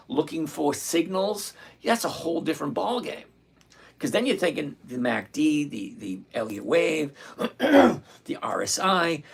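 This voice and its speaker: Gravelly, blunt middle-aged trading host. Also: male voice, a little high, fairly bright tone. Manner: blunt, repeats points slowly. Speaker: stock trading livestream host. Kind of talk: live-streamed trading lesson answering chat.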